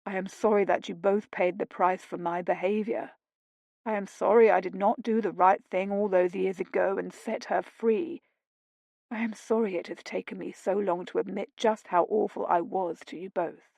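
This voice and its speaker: A woman voicing a remorseful aristocratic duke who speaks quietly and pleads. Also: mid-range voice, no room sound, lightly acted.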